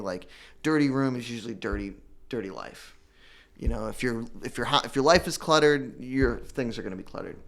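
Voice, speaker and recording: A young man with a low voice tells his personal testimony, earnest and halting. He repeats his words and stops to hold back tears. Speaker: guest telling his recovery story.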